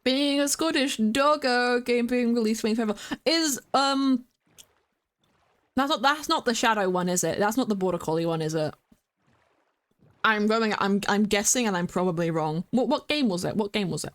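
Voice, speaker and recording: A young woman streaming a game and chatting casually with her viewers, rambling with lots of fillers and restarts and breaking into excited greetings. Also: fairly high pitch, normal speed.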